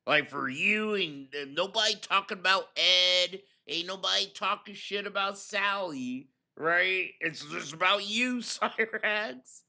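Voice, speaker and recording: Man, reaction host, profane slang, high, bright tone. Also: unhurried, gravelly, few pauses. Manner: profane, mocking, laid-back slang. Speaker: host commentator. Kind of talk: mocking reaction commentary.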